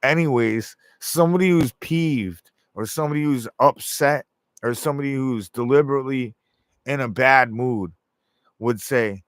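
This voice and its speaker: Man, rambling monologue, profane, acts out quoted voices, medium pitch, dry close sound. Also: normal speed, no room sound. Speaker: show host.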